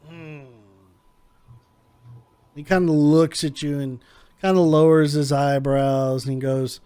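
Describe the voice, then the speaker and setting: A man's voice: fairly high pitch, little pitch movement, dark tone, clean tone. A man narrating a tabletop game as game master, describing scenes and voicing the barkeep. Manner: unhurried, voices the barkeep in quick asides.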